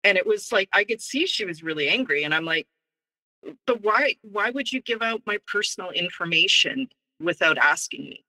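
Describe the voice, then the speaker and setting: Bright-voiced woman telling her story. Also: on the low side, moderate pace, poor audio. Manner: animated, acts out quoted dialogue. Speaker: guest. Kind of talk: personal storytelling interview.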